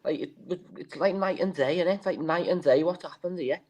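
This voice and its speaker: A man's voice: fairly high pitch, fairly quick. A man, co-hosting a casual football fan show, rambling and swearing, calling everyone "lad".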